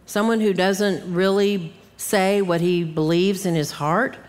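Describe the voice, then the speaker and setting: An unhurried middle-aged woman with a voice on the low side and fairly even intonation gives an earnest Bible teaching talk at a conference. The church hall lends long reverb as she acts out grumbling asides.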